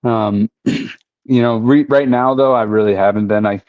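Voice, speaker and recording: Man guest, casual podcast chat, low voice, dull dry lo-fi audio. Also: steady tone, unhurried, a little mellow, no room sound. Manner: laid-back, lots of "you know" and "like".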